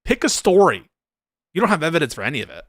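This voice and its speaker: A man's voice: on the high side, sing-song, quick pace, no echo, studio quality. A man giving sarcastic, argumentative commentary on political clips, laughing at them as he goes. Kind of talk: casual reaction commentary.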